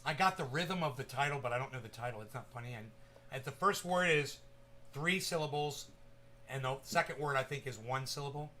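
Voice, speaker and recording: A man chatting casually to viewers at home, rambling and swearing, jumping from loud bursts to mumbling. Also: mid-range voice, brisk, a little hiss or hum. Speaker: cannabis vlogger. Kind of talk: casual stoned chat to viewers.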